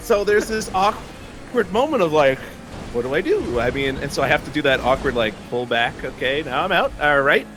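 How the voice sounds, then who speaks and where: A man's voice: a little high, big pitch swings, normal speed, noisy background. A young man telling a long personal story in casual chat, rambling with many fillers and frequent laughs.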